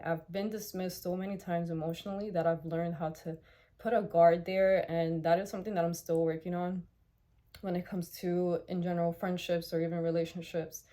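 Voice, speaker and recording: A young woman speaks straight to her viewers in a personal vlog, raw and heartfelt, with frequent restarts and casual swearing. Her voice is low-set and mellow. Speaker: vlogger. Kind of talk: candid personal vlog talk.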